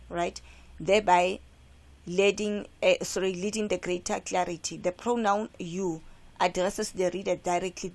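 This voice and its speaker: A woman with a South African accent, an English teacher explaining how to answer comprehension questions and checking in with "right?". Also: medium pitch. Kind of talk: classroom lesson explaining exam questions.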